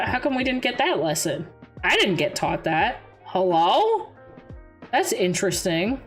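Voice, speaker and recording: Young woman streamer, slightly high voice, rambling casual chat, giggly, faint music underneath.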